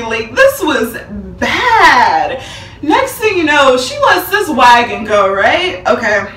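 Animated young woman telling a storytime. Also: high voice, slow pace, echoey room, distant mic, soft background music. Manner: animated, dramatic retelling with acted-out quotes and laughter. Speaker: vlogger. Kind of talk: storytime vlog.

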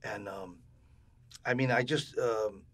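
An older man telling stories in a casual interview, animated and acting out the voices of people he quotes. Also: lowish voice, takes it slowly. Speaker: interviewee, bandleader.

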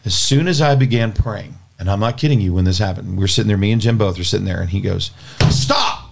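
A man's voice: on the low side, quick pace, vocal fry. A man hosting a Christian podcast from a studio, telling a story in an earnest, plainspoken way and often restarting his words. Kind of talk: casual spoken storytelling and talk.

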